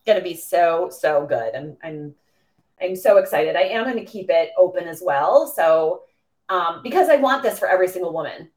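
A woman in her forties from the Boston area, a coach telling stories as a podcast guest in a gushing, excitable way with lots of fillers. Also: lowish voice, normal speed. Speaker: interview guest, women's coach. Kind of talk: animated storytelling in a podcast interview.

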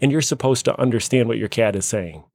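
A man's voice: mid-range voice, fast, vocal fry, darkish tone, no echo, clean studio sound. A man hosting a casual talk show, playfully quizzing and teasing his co-hosts. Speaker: host. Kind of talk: casual chat.

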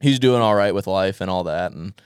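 A man's voice: sits low, fairly quick, clean tone, dry recording. Young guy rambling thru a story, cusses a ton, dry close sound. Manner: rambling storyteller, swears a lot, laughs often. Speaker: podcast co-host. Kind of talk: casual chat.

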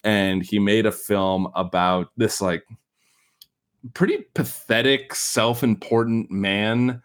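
A man's voice: on the low side, fairly even intonation, takes it slowly. A man with a Chicago accent hosting a podcast in casual, rambling chat with frequent fillers. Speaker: podcast host.

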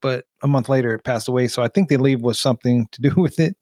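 Easygoing man with a mid-pitched voice on a podcast. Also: fast talker, darkish tone, no room sound, clean studio sound. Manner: laughs often, easygoing storyteller. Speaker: podcast co-host. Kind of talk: casual chat.

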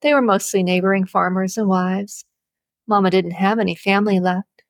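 A woman reading a novel aloud as an audiobook narrator, with steady, measured storybook narration. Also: mid-range voice, no echo.

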